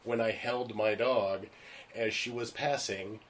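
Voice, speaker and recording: A man's voice: on the low side, takes it slowly. A male actor telling stories in casual chat, frank and emphatic, acting out the voices of the people he talks about. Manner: animated, acts out the voices of people in his stories. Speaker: stage and screen actor.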